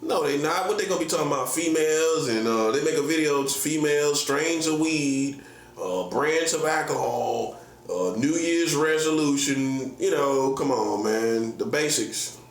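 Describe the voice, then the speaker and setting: A man's voice: a little high, lively intonation, moderate pace. A man in his forties, a prophet, ranting casually in slangy, repetitive, boastful talk. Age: 40s. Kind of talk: casual vlog rant. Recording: echoey room with faint hum.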